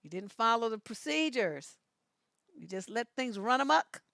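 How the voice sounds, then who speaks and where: A woman's voice: fairly high pitch, big pitch swings, moderate pace, creaky, a bit bright, no room sound, studio quality. A middle-aged woman hosting a live stream, laughing often and reacting with sass to viewer comments and memes.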